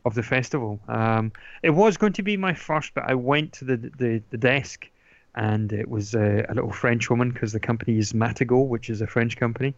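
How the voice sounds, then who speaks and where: A man's voice: medium pitch, a little fast, no room sound. A man chatting casually about board games, rambling with lots of ums and restarts. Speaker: podcast guest talking board games. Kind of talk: casual chat. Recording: dull lo-fi dry sound.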